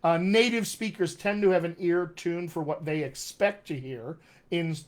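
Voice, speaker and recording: On a live stream captured by a webcam or computer mic, a man coaching dialects reads out comments from viewers and replies with warmth. His voice is loud and booming, his accent General American with West Texas and upstate New York touches, and his pace normal and articulate.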